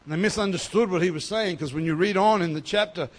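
A man giving a sermon as pastor, emphatic and swinging between loud and soft. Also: high-pitched, fast.

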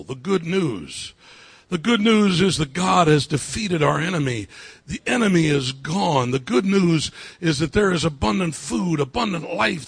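A male pastor preaching a sermon, repeating his phrases and building up to fervent shouting. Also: sits high, gravelly, husky, no room sound.

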